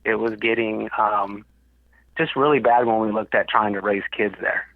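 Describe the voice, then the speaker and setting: A man's voice: on the low side, fairly even intonation, moderate pace, no echo, narrow, tinny audio. A man with a Southern US accent, chatting as a podcast guest in an easygoing, rambling way. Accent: Southern US picked up in Alabama. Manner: easygoing, rambling, many fillers. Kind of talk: casual chat.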